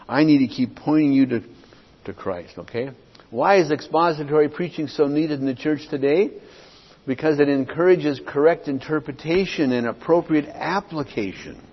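A middle-aged man preaching an expository sermon as pastor, emphatic and repetitive, often checking in with his listeners. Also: mid-range voice. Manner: emphatic, repeats points, checks in with "okay?". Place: church sanctuary. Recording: dull lo-fi audio with long hall reverb.

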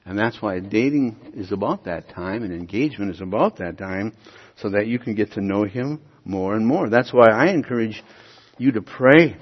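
A man's voice: lowish voice, moderate pace, breathy edge. Male pastor preaching in a reverberant hall. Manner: emphatic, rising to loud peaks, addressing the congregation with questions. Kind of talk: sermon. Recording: dull recording with long hall reverb.

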